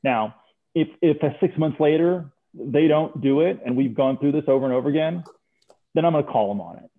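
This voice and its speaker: A man's voice: fairly high pitch, fairly quick. A man taking part in a group call, speaking earnestly with stumbling restarts. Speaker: book club participant. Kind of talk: casual group call discussion. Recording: tinny phone-like line.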